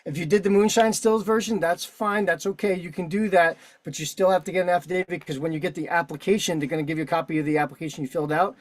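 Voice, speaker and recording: A man's voice: a little high, steady tone, quick pace, few pauses. A man hosting an online meeting, walking through a form in a casual, profane, combative way. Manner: profane, combative, talks while filling out a form. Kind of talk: casual instructional walkthrough. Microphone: video call.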